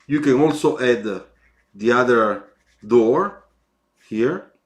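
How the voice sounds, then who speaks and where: A man with an Italian accent and a mid-range voice gives live feedback on car sketches. He speaks slowly and haltingly, adding encouraging asides.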